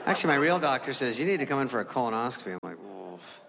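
A man's voice: rapid-fire, noisy background. A man telling a stand-up comedy story, acting out the people in it with big jumps in his voice. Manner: animated, acts out characters with big pitch jumps. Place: comedy venue stage. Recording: live room with long reverb and loud crowd.

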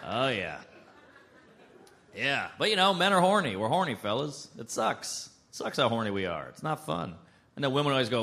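A man performing a stand-up comedy set on a club stage, with a punchy, brash delivery and quick asides. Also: medium pitch, sing-song, vocal fry, over a noisy crowd, heavy background noise.

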